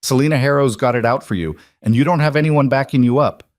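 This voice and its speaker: A man voicing a lone cowboy who talks calmly and bluntly in a level, matter-of-fact way. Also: mid-range voice, quick pace, dry recording, studio quality, pitched above the performer's own voice, natural voice.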